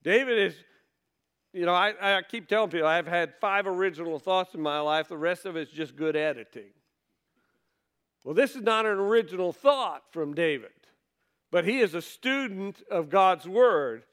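A man's voice: high voice, lively intonation, moderate pace, a bit bright. A man preaching a sermon in a conversational way, reading scripture aloud and asking his listeners rhetorical questions. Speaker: pastor.

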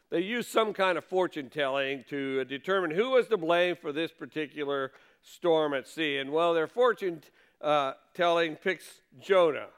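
A male pastor delivers a sermon in a smooth, clear voice, pitched a little high. He preaches earnestly, lifting his voice for quoted questions and sinking low for quieter asides.

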